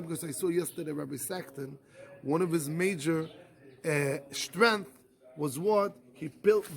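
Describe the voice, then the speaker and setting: A rabbi with a high voice leads a yeshiva Talmud class. He teaches by firing rhetorical questions at the room, doubling back to repeat and restart his phrases as he works through the argument. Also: fairly bright tone.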